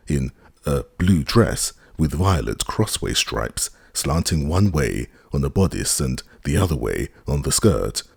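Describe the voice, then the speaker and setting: A man narrating a classic novel as an audiobook in a steady, expressive reading. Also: rumbling low, gravelly, slightly rough, no room sound, clean studio sound. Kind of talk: scripted narration.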